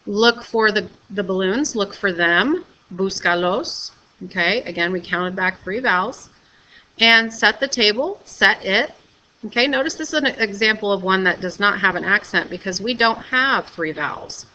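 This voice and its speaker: A woman teacher giving a recorded video lesson, explaining patiently and clearly and often checking with "okay?". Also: mid-range voice, expressive, normal speed, bright, forceful tone, a little hiss or hum, rough recording.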